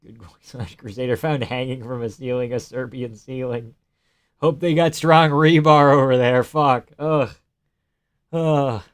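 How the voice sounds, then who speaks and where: Smooth-voiced man doing profane live fight reactions. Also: mid-range voice, unhurried. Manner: profane and excitable, breaking into shouted groans. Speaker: live-stream fight commentator. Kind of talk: casual live reaction commentary.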